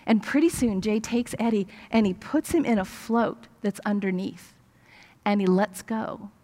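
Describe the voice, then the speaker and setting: An older woman, a grandmother, preaching a sermon through a family story, animated and acting out the dialogue. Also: medium pitch, a little slow, in a large hall.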